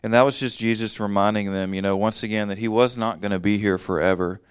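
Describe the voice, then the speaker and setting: Low, smooth-voiced man teaching scripture. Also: steady tone, fast, no room sound, clean studio sound. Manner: conversational, reads verses then explains them in plain talk. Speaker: Bible study teacher. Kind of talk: casual Bible teaching.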